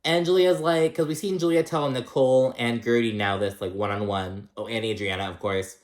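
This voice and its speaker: A man's voice: mid-range voice, steady tone, brisk. A young man hosting a casual reality TV recap, talking in a chatty, gossipy way and swearing freely. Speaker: recap host.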